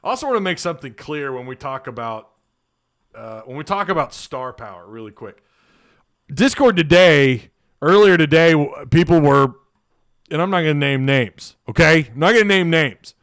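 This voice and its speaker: Laughing and joking as he reads out viewer comments, a man hosts a laid-back sports live stream and thinks aloud along the way. His fairly high, fairly bright voice has lively intonation and a moderate pace. The studio sound is clean, with no room sound.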